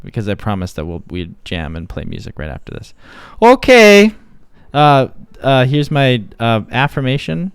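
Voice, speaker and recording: A man's voice: medium pitch, moderate pace, creaky, hardly any pauses, clear, resonant tone, no room sound. A man hosting a casual livestream, upbeat and encouraging as he chats with a guest and his young son. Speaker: stream host and father.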